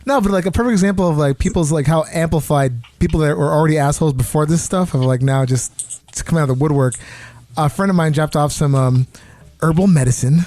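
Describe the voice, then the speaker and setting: A man hosting a podcast in casual comedic chat, swearing freely and animated. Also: on the high side, fast, dry recording, faint music behind. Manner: profane, animated, acts out quotes. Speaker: podcast host. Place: New York.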